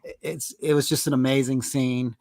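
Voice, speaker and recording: A man co-hosting a podcast in casual chat, talking in an excited, emphatic way. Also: mid-range voice, moderate pace, vocal fry. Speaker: podcast co-host.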